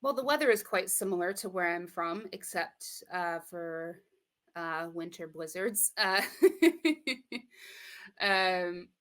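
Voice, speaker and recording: A woman's voice: on the low side, measured pace, sharp tone. A young American woman from Michigan with a Midwestern accent, speaking thoughtfully as an interview guest, with many fillers and restarts. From Michigan, USA. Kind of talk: casual interview talk.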